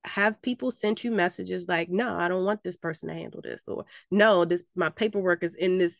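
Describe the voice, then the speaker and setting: A woman hosting a podcast, asking a guest questions in a relaxed, conversational way. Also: on the low side, normal speed, vocal fry, no room sound, clean studio sound. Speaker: podcast host. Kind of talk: casual interview chat.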